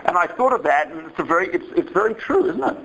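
A man's voice: fairly high pitch, quick pace, rough recording. A man giving a humorous talk, animatedly telling anecdotes and acting out the voices in them. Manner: animated storytelling, acts out voices.

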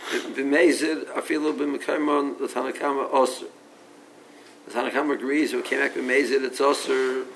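Male Talmud teacher lecturing, fry in the voice, thinks out loud with restarts. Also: medium pitch, slight background noise, rough recording. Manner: reasoning aloud, mixing English with Aramaic and Hebrew terms; frequent restarts and repeated words.

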